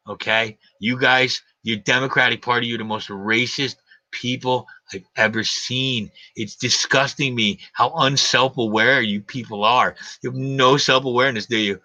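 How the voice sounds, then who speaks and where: A man with a mid-range, sharp-toned voice hosts a live stream over dull, lo-fi audio with no echo. Locked in a heated argument, he rants combatively and hammers home his points with repeated questions.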